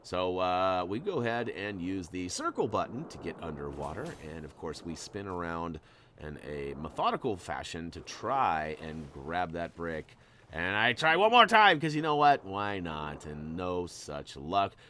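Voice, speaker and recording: A man's voice: deep voice, sing-song, a little slow, sharp tone, slight background noise. A man hosting a gameplay walkthrough, talking in a playful, jokey, chatty way. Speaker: gaming channel host.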